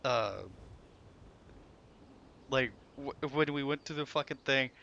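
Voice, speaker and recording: A man's voice: mid-range voice, takes it slowly, creaky, pushed and bright, lo-fi sound, a little hiss or hum. A young man streaming a game, swearing often and swinging between frustration and laughter. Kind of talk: live gameplay commentary.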